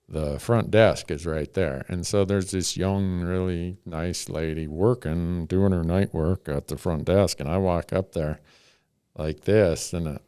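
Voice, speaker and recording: A man's voice: low-pitched, warm tone, smooth, no room sound, clean studio sound. A middle-aged man, a podcast host, telling a story in a laid-back, wry way. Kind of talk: casual storytelling.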